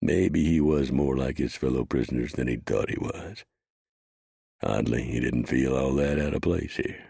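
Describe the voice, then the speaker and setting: A man reading a western audiobook in measured scripted narration. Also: a bass voice, creaky, warm tone, breathy edge, no echo, studio quality.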